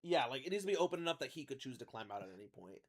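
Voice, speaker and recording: A man's voice: mid-range voice, very animated, rapid-fire. A man casually narrating as game master, full of likes and teasing asides. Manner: casual, filler-heavy, teasing.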